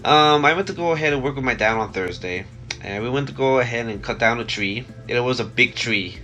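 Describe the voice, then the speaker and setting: A man's voice: mid-range voice, brisk, bright, forceful tone, faint music behind. A young man with a stuffy nose from a cold, rambling casually with many fillers and restarts. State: congested from a cold. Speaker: vlogger.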